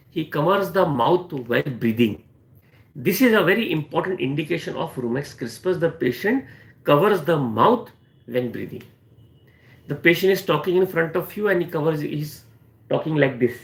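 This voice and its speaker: An Indian man gives a live online lesson on remedies. His slightly high voice carries a gravelly edge, and he often stops on "you know" and says his points twice. The sound is echoey, like a bare room. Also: animated, moderate pace. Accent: Indian English. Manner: repeats key phrases, frequent "you know" fillers. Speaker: homeopathy doctor. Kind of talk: live-stream teaching Q&A.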